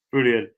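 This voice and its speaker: A man's voice: very high-pitched, fairly bright tone. Blunt Cockney man ranting about his club. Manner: blunt, swears, repeats himself. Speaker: football fan channel host. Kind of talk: casual live-stream chat.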